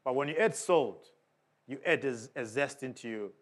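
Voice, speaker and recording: A man's voice: animated, normal speed, a bit bright. A man preaching a sermon in an emphatic way, often putting questions to the congregation. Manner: emphatic, with big swings of pitch and volume.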